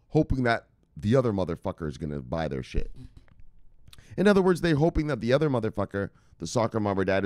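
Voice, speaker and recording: Crypto channel host from Jamaica, a lowish-voiced man in a sarcastic, swearing rant with big swings in pitch, in a dry, close sound. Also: darkish tone, no room sound. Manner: profane, heated, sarcastic. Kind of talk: casual opinion rant to camera.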